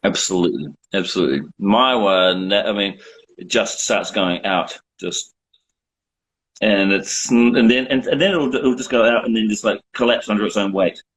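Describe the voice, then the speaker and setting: A man's voice: lowish voice, normal speed, fairly bright tone, breathy edge, low-quality recording. A man in his forties chatting casually and joking at his own expense on a video call from home. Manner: joking, self-mocking. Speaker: director hosting a watch party. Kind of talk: casual chat.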